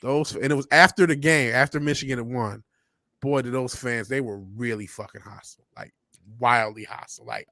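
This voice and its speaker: Male co-host, middle pitch, dry mic; short casual reactions, swears. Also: steady tone, fairly quick, vocal fry, pushed and bright, dry recording. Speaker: podcast co-host. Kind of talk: casual chat.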